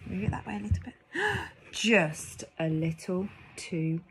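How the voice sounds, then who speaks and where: A woman, a nursery teacher reading a picture book aloud to toddlers in an animated, sing-song way full of gasps. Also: medium pitch, a little slow, slight background noise.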